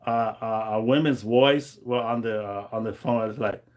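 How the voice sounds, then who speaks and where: A man's voice: fairly low pitch, normal speed, darkish tone. A man, rambling through a casual livestream chat with many fillers. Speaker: livestream host.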